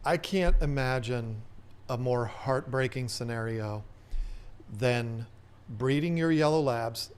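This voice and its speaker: A man's voice: mid-range voice, takes it slowly, clean tone. A man hosting a casual livestream Q&A, chatting in a rambling way and reading viewer comments aloud. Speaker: host.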